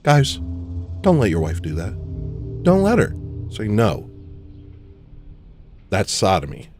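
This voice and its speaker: A man ranting in a rambling, jokey monologue on a livestream, swinging from shouting to muttering. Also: lowish voice, huge pitch swings, takes it slowly, soft background music. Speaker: livestream host.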